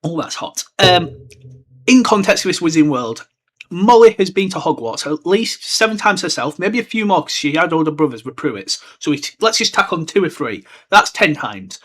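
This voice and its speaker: A young man hosting a casual podcast, rambling through a book chapter and slipping into quick character voices. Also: fairly high pitch, sing-song, fairly bright tone. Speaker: podcast host.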